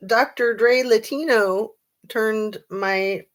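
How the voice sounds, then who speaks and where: A woman's voice: a little high, takes it slowly, fairly bright tone. A woman hosting a casual true-crime livestream, chatting and reading viewer comments with lots of ums and a sarcastic streak.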